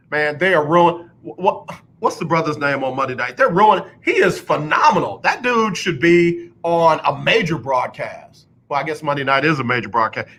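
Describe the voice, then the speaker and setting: A man on sports talk radio with a bright, forceful voice that sits a little high for a man. He rants bluntly and hammers his points by saying them again and again. Now and then he drops into a mocking announcer impression. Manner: blunt, ranting, repeats himself for emphasis; mocks others with exaggerated announcer impressions. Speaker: radio show host. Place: radio studio.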